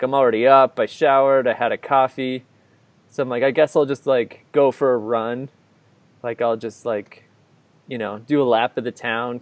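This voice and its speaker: On a casual podcast recorded indoors, a male co-host living in Ireland meanders through a long tale, leaning on "like" in almost every phrase and packing in fillers. He speaks at a middling pitch. The recording sounds dry and close, without any room echo.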